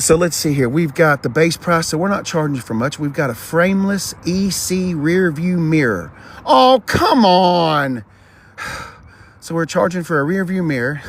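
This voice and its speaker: A man vlogging on a car dealership lot, chatty and animated, talking to the cars and his viewers. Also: high voice, slight background noise. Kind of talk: live-streamed dealership walkaround.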